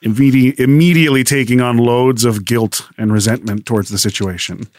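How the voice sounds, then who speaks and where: A man's voice: mid-range voice, fairly even intonation, a little fast. A man playing a tabletop role-playing game, describing his character's actions in a casual, wry way. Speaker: player.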